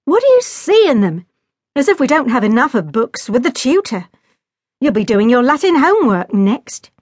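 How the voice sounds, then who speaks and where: A woman puts on a tall, boisterous young man, loud and impatient, always exclaiming. His lines jump up in pitch and volume. The sound is dry and close. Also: sing-song, normal speed, dry recording.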